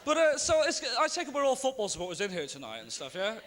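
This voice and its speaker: A young man from Ireland, doing a stand-up comedy routine live on a theatre stage, tossing in deadpan asides and quick voices of other people. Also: high voice. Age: young adult. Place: large theatre stage with audience. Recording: live theatre recording with long reverb and faint ambience.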